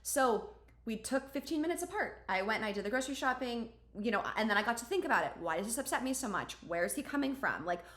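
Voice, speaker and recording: A woman's voice: fairly high pitch, animated, fast talker, fairly bright tone, reverberant. A woman hosting a podcast, telling a personal story in a casual, chatty way with plenty of "like" and "um". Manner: chatty, many fillers like "like" and "um". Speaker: podcast host.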